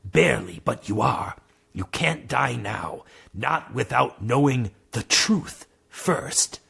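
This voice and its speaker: A man's voice: medium pitch, expressive, slow pace, vocal fry, fairly bright tone, husky, exaggerated voice. A man voicing Granlo, a wise old male spirit guide who speaks in lofty, solemn phrases. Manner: solemn, lofty speech that slips into slang.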